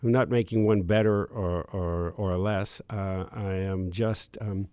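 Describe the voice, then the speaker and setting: A man's voice: deep voice, steady tone, measured pace, warm tone, clear, resonant tone, dry recording. A man hosting a radio talk show from the studio, enthusiastic and meandering as he searches for words. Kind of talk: casual talk show chat.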